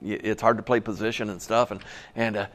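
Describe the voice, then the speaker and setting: A man's voice: lowish voice, steady tone, a little fast, fairly bright tone, slight background noise. A middle-aged man, a pastor, preaching a conversational sermon, telling personal stories and asking the audience questions.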